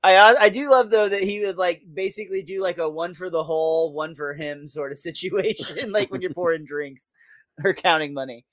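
A man's voice: sits high, a little fast, a bit bright, dry recording. A man co-hosting a podcast, casually recapping a cartoon episode with lots of fillers and chuckles. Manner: laid-back recapping with frequent fillers and laughs. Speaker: podcast co-host.

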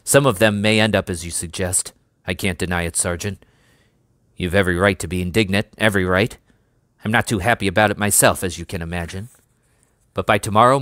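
A man voicing a stiff, reluctant army major who speaks quietly but firmly, in a storybook reading. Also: low-pitched, no room sound, studio quality.

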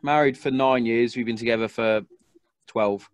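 A man's voice: mid-range voice, steady tone, moderate pace, dry recording. A man hosting a podcast in casual, laddish chat, swearing and laughing easily. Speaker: podcast host.

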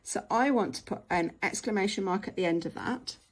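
A woman's voice: mid-range voice, fairly quick, breathy edge. A woman, teaching patiently and step by step in a screen-share tutorial. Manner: patient, step-by-step, frequent "okay".

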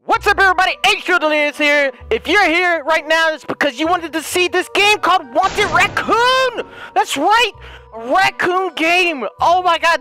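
A young man doing excitable let's-play commentary as a gaming YouTuber. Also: extremely high pitch, moderate pace, faint music behind. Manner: hyper, excitable, jokey.

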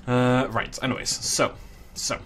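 A man's voice: mid-range voice, little pitch movement, measured pace, a bit bright, slight background noise. A young man giving casual commentary as he plays a zoo game, chatting and cooing at the animals. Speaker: gaming channel host.

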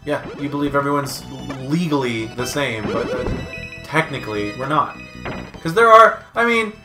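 A man's voice: medium pitch, expressive, normal speed. A man co-hosting a casual chat, blunt and heavily profane. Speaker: co-host. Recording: loud background music.

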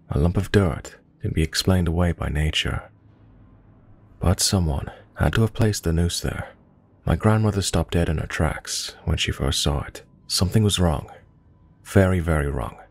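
Deep husky male horror narrator. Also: darkish tone. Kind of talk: scripted narration of a true scary story.

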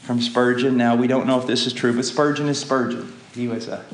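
A man preaching a sermon, with impassioned pleading that climbs to loud peaks. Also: medium pitch, fairly even intonation, brisk. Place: church hall. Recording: echoey church with faint ambience.

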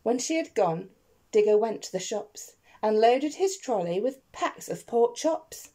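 A woman teacher reads a rhyming picture book aloud to children, putting questions to her young listeners. She takes her time and lets her pitch swoop up and down. Her voice is mellow and a little husky. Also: a little slow. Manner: expressive and playful, asking the listeners questions.

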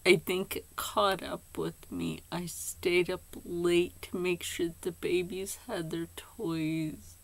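An older woman chatting casually to camera as a channel host. She rambles softly, often slides into a half-whisper, and gets emotional and tearful at times. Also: on the low side, expressive, takes it slowly, vocal fry, few pauses, dry recording.

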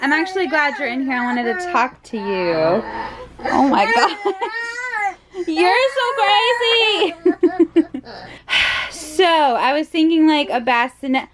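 A woman's voice: high-pitched, sing-song, slow, long pauses, background noise. A young woman filming her family at home, giggling often and cooing baby talk at her toddler son. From United States. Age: young adult. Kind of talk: home video chat with a toddler.

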